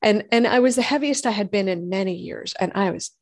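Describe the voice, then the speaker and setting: A woman, a doctor and host telling her own health story in lively conversation, acting out what others said. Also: medium pitch, a little fast, dry recording. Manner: animated storytelling, acts out quoted voices. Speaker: functional medicine gynecologist and podcast host.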